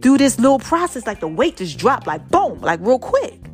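A woman hosting a podcast, telling a personal story in an expressive, conversational way and talking straight to her listeners. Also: fairly high pitch, moderate pace, faint music behind. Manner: expressive, conversational, addresses listeners directly as y'all and baby. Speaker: podcast host.

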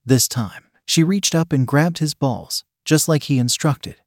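A man narrating an adult audio story in a steady, even storytelling manner. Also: fairly high pitch, measured pace, no echo, studio quality.

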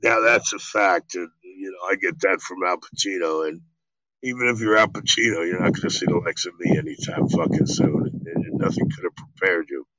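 A middle-aged man, an actor being interviewed, telling stories in a casual, animated and profane way, acting out quotes. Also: low voice, fairly quick, no room sound, dull audio. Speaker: actor guest.

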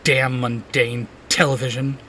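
A man's voice: mid-range voice, level tone, measured pace, bright, forceful tone, a little hiss or hum. A man voicing a cocky, touchy young male fighter in a read-aloud fan story, brash and snappy.

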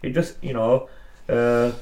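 A man's voice: mid-range voice, level tone, takes it slowly, darkish tone. A young man in a mid-range voice gives his views as a podcast co-host, leaning on swear words for emphasis. He chats casually and chuckles at himself now and then. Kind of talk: casual opinion chat.

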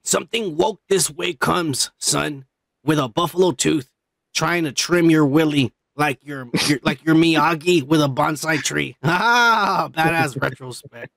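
A podcast host, a man who is high, rambling loosely in casual chat and swearing a lot. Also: measured pace, creaky, a bit bright, dry recording. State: high on cannabis.

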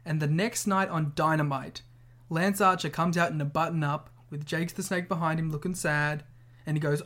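A man's voice: fairly high pitch, steady tone, normal speed, fairly bright tone. A man co-hosting a podcast in casual chat. He is blunt and profane, and he acts out scenarios as he argues. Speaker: podcast co-host.

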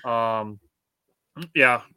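A man's voice: mid-range voice, level tone, very slow, bright, forceful tone, clean tone, dry recording, clean studio sound. A man with an American accent co-hosting a sports podcast, chatting casually, reading out listener comments and laughing often. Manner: laughs often, reads chat comments aloud. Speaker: podcast co-host.

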